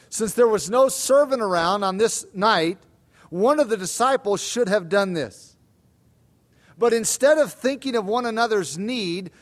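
A man preaching an expository sermon, pausing and stressing quoted lines. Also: sits high.

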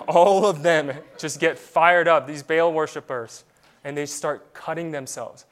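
A pastor preaching in a slightly high, smooth and resonant man's voice. He presses his points with rhetorical questions and then falls quiet to let them land. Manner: emphatic preaching full of rhetorical questions, with sudden drops to quiet; repeats words when starting a phrase. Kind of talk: sermon.

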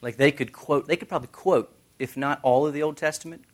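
A man's voice: on the high side, brisk. A man teaching a Bible study in a conversational sermon style, making joking asides and quoting scripture.

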